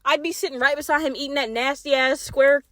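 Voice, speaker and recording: A woman hosting a podcast, telling a personal story in a casual, animated way, swearing freely and acting out her own quotes. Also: sits high, a little fast, dry recording. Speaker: podcast host.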